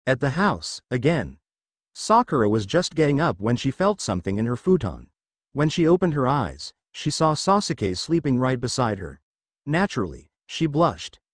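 A man narrating fan fiction aloud in a brisk, plain storytelling manner. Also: medium pitch, no room sound.

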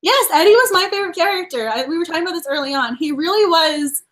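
A bubbly woman from Massachusetts chats casually on a live book club stream, laughing easily between thoughts. Her voice sits high and light. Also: expressive, quick pace, a bit bright. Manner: bubbly, laughs often while talking.

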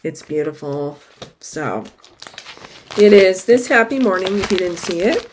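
A middle-aged woman chatting casually to camera about her stitching, excitable and gushing, with sudden high exclamations. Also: unhurried, noisy background. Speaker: cross-stitch vlogger.

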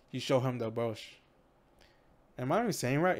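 Male let's play host, casual, jokey asides, mid-pitched voice. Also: expressive, moderate pace, long pauses. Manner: reads story text aloud, joking asides. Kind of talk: casual game narration and commentary.

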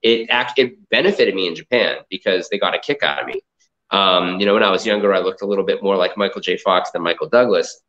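Speaking quickly with a low-pitched, fairly bright voice, this Boston-area guest, an entrepreneur who collects comic art, tells filler-heavy, meandering stories with frequent restarts. The casual interview comes through a video call in dull, lo-fi audio.

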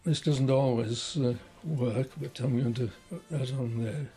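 A man in his nineties recalling his life in an unhurried interview, often pausing with "uh". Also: mid-range voice, steady tone, dark tone, faint music behind. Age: 90s. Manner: unhurried storytelling, frequent pauses with "uh". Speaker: interviewee, retired scientist and magician. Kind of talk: reminiscing interview.

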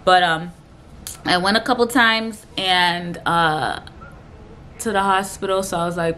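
A young woman vlogger chatting casually through a personal story, rambling with filler sounds and acting out other people's lines in a higher voice. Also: fairly even intonation, measured pace, long pauses, bright, forceful tone, a little hiss or hum. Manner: chatty and rambling, fills gaps with "da, da, da" and "blah, blah"; emotional retelling. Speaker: vlogger telling her own story.

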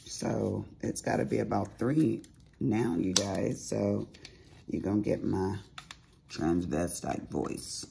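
A woman with a raspy, deep voice chatting casually to viewers at home while she does diamond painting, full of asides. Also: slow pace, dark tone, slight background noise. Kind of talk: casual chat while crafting.

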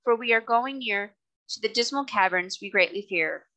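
Casting: a woman as a gentle, measured sea fairy queen, bright voice. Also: a little high, low-quality recording.

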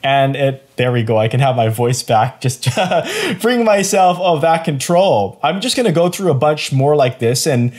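A man hosting a quick software tutorial in an upbeat, playful way, chuckling as he explains. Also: medium pitch, lively intonation. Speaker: tutorial host. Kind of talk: screen-recorded software tutorial.

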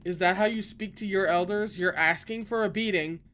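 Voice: mid-range voice, normal speed, a little hiss or hum, lightly acted. A reader voicing a curt, irritable young male sect leader in an audiobook, clipped and mocking. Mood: cold, irritated. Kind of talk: audiobook character reading.

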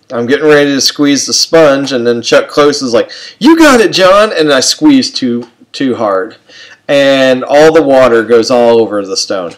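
A man's voice: mid-range voice, poor audio. A man telling a personal anecdote to an audience in a rambling, self-mocking way, full of fillers and restarts. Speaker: storyteller.

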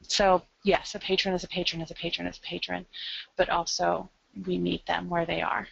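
A woman's voice: on the low side, level tone, a little fast, gravelly, a bit bright, slightly rough. A woman librarian with an American Midwest accent, giving an upbeat, conversational webinar presentation with frequent ums. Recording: dull lo-fi online call audio.

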